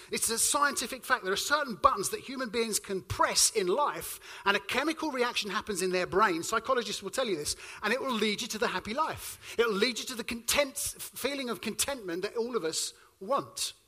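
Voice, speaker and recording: A man from the UK preaching a sermon, telling a personal story in an animated way and acting out the dialogue. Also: very high voice, normal speed, hardly any pauses. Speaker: pastor.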